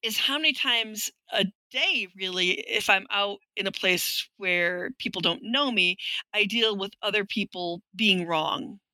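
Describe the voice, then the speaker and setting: A woman's voice: mid-range voice, measured pace, bright, forceful tone, no room sound, low-quality recording. A middle-aged woman, a linguistics professor, speaking as a guest in a conversational interview, telling stories frankly and wryly. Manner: frank, wry storytelling that acts out quoted voices.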